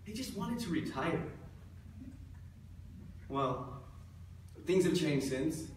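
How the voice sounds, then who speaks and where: A man with a notably high voice presents at a conference, joking and drawing the audience in. He is heard from a distance in a large hall with heavy echo. A faint noise sits underneath. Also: expressive, slow pace. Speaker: chief appraiser presenting.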